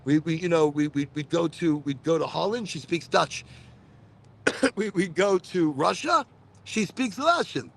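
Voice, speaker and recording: Rambling man with a lively, creaky voice. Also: a little high, a little slow. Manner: rambling, repeats words while telling stories. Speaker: host of a live cannabis podcast. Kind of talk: casual livestream chat. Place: Florida.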